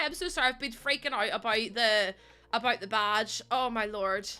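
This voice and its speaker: High, bright-voiced excitable woman streamer. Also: normal speed, faint music behind. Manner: excitable, gushing, laughs often. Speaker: live streamer. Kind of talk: casual stream chat with viewers.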